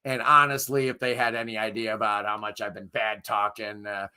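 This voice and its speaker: A middle-aged man, hoarse and losing his voice, hosting a music review channel and chatting casually with viewers in a rambling, enthusiastic way. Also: fairly low pitch, little pitch movement, fairly quick, sharp tone. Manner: rambling, enthusiastic, self-deprecating. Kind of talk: casual live chat with viewers.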